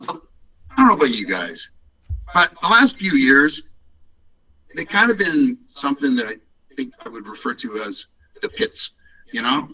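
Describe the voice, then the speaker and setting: A man walks listeners on a call through his company's products in a loose, upbeat way, stopping and restarting often. His voice is very bright and sounds a little distant from the mic. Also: medium pitch, wildly swooping pitch, measured pace, long pauses, husky. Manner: rambling, upbeat, many restarts and fillers. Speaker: company founder presenting products. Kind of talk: casual business presentation on a call.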